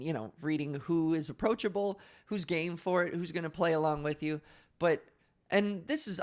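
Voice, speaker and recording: A young adult podcast host and comedian telling a story in casual chat, swearing freely and rambling. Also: mid-range voice. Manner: profane, rambling, drops into quick put-on voices.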